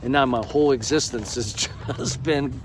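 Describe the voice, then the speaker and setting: Noise fills the background as this middle-aged American vlogger speaks at a moderate pace in a mid-range voice. His talk is casual, effusive and emphatic, with plenty of swearing.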